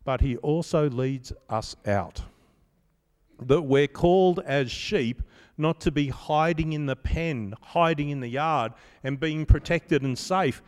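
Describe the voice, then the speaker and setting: A man's voice: fairly high pitch, slow, a little mellow, long reverb tail. A man giving a conversational sermon as pastor, telling stories with self-deprecating humor.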